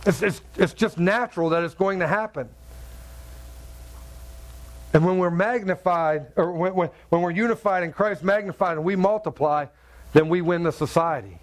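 Pastor, man, high voice, chatty sermon delivery with repeated words. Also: normal speed. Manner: conversational, repeats words, asks the crowd "right?".

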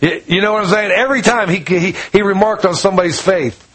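Male pastor, high voice, chatty storytelling sermon, chuckles often. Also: quick pace, a bit bright, rough recording. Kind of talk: casual sermon.

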